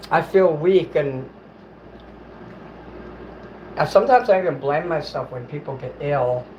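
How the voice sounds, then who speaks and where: A man's voice: fairly high pitch, a little slow, darkish tone, slight background noise, rough recording. A man hosting a casual livestream from home, reading chat while he eats and rambles in an apologetic way, swearing here and there.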